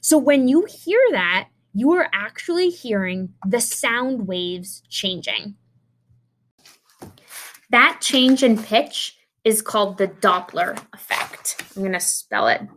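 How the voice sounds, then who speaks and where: A woman's voice: medium pitch, big pitch swings, slow, fairly bright tone. A young adult woman teacher giving a recorded science lesson, talking in a chatty way and explaining with restarts and fillers.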